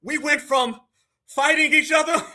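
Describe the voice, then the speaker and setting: A man with a very high, piercing voice hosts a live reaction stream. He talks in a bright, sharp tone, breaking into exclamations and teasing asides to his viewers. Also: fairly even intonation, measured pace. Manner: exclaiming, mocking, laughing, addresses viewers as fam. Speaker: live show host reacting to clips. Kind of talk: animated live reaction commentary.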